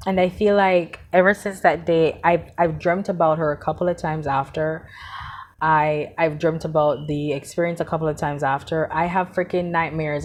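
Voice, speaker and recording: Woman vlogger, grieving and tearful, heartfelt monologue with repeated phrases; voice sits low. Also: darkish tone. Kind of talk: personal vlog monologue.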